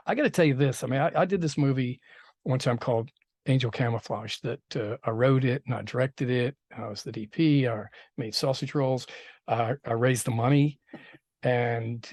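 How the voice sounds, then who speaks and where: A man's voice: medium pitch, a little mellow, slightly rough, no room sound, clean studio sound. A man, a film director, telling stories in a casual interview, rambling with many restarts and fillers. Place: interview set.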